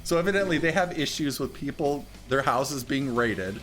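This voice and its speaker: A man with an everyday mid-range voice runs through strange news stories in a relaxed comedy chat. He reads each headline aloud and then laughs at it. A faint bed of music sits behind him. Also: medium pitch, normal speed. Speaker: podcast co-host reading news stories.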